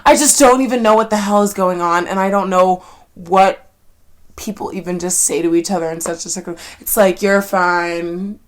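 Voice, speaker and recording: A woman's voice: fairly low pitch, fairly even intonation, normal speed. A young woman rambling to herself in a casual solo vlog, candid and loose, full of "like" fillers, swearing freely and sometimes dropping to a near-whisper. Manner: rambling and candid, swearing often, with frequent "like" fillers and sudden laughs; drops to a near-whisper when reflective. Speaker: vlogger.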